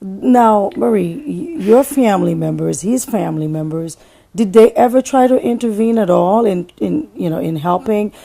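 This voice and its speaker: A woman interviewer asking questions and prompting with soft acknowledgments. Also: medium pitch, animated, normal speed, vocal fry.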